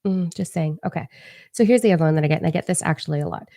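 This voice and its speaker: A woman's voice: low voice, animated, rapid-fire, mellow, no echo. A woman in her forties, a spiritual advisor talking casually on her vlog, blunt, profane and playfully mocking.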